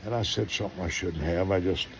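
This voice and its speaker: An older pastor with a low voice tells stories sermon-style at a fast pace, animatedly acting out the dialogue. He swings between loud bursts and hushed asides, with a faint hum beneath the recording.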